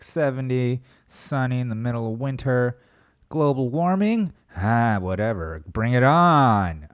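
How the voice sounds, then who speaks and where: A young adult man hosting his own podcast, talking in a rambling, self-mocking way and swearing casually. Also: mid-range voice. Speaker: podcast host. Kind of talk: casual solo podcast monologue.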